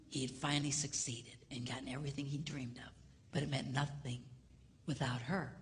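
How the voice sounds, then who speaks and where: A male seminar speaker addressing a live audience in a comedic, preacher-like way. He swings from hushed near-whispers to loud, laughing shouts. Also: medium pitch, level tone, moderate pace. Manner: preacher-like exhortation. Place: large hall before a live audience. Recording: hall reverb with faint noise.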